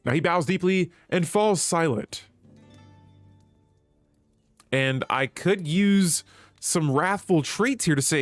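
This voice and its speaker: A man's voice: fairly high pitch, takes it slowly, long pauses, no room sound, faint music behind. A man streaming a strategy game, chatting with viewers and reading the in-game text aloud. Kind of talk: live gameplay commentary.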